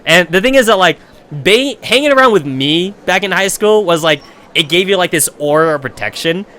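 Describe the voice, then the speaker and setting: Young man, streamer, casual storytelling, profane, rambling, animated, fairly high voice. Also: moderate pace.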